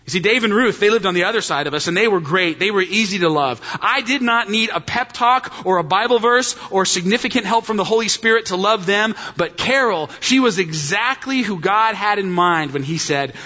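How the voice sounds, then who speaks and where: A middle-aged man preaching a sermon as pastor, telling a story with animated jokes. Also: sits high, moderate pace. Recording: dull sound in a hall with long reverb.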